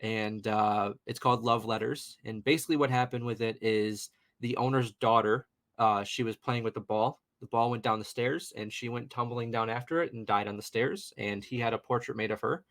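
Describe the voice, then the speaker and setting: A young man in his twenties tells a ghost story in a loose, rambling podcast chat. His voice sits at an ordinary middle pitch for a man. He keeps the story moving with plenty of "you know" and "uh.". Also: fairly even intonation, moderate pace, hardly any pauses, a bit bright. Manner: chatty, rambling, lots of fillers and "you know". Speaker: guest paranormal investigator. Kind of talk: casual storytelling in a podcast interview.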